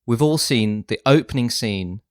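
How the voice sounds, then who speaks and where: Brief: man, comedy co-host, animated pitch, dry close mic. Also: moderate pace, no room sound. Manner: deadpan, earnest, rising to frantic shouts. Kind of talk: improvised comedy sketch.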